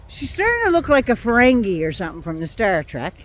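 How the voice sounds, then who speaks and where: An older woman vents in a casual, blunt monologue, sarcastic and quick to swear. Her pitch swings widely as she talks. She has a runny nose from a cold. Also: wildly swooping pitch. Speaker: vlogger. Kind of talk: casual political rant.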